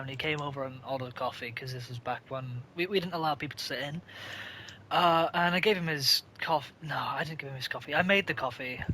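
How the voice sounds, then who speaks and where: Young man telling rambling stories brightly. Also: on the high side, a little hiss or hum. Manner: rambling storytelling with swearing and frequent laughter. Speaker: podcast co-host. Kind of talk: casual chat.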